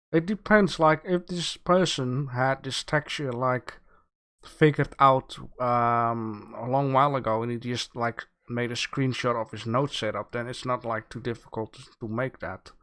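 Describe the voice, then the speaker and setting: A man hosting a livestream, giving relaxed art feedback with many fillers, thinking aloud as he goes. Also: mid-range voice. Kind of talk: casual livestream commentary.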